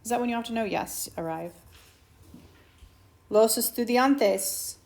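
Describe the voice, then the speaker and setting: A woman teacher, slowly and patiently walking students through a Spanish lesson and asking them questions. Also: a little high, vocal fry, a little mellow. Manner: slow patient explaining, asks students questions. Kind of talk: recorded whiteboard lesson. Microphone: tablet mic.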